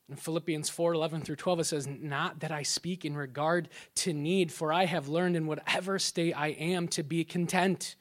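Man preaching a lively sermon. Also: on the high side. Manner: animated storytelling, drops to soft hushed tones for quotes. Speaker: pastor.

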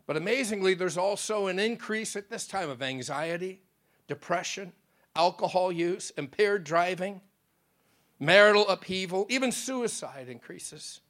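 A man's voice: high voice, lively intonation, unhurried, fairly bright tone. A male pastor preaching in a conversational, earnest way and telling a dramatic story.

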